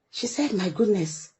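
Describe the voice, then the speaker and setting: A middle-aged woman from Africa, a parent guest in an interview, telling a story with animated delivery and acting out the people she quotes. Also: mid-range voice, slight background noise. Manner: animated storyteller who acts out quoted dialogue.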